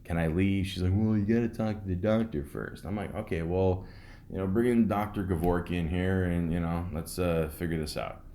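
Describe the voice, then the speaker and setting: A man's voice: deep voice, steady tone, moderate pace, warm tone. A man telling a long personal story on a podcast, rambling with many fillers, sardonic and profane. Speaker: podcast host. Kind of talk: casual storytelling.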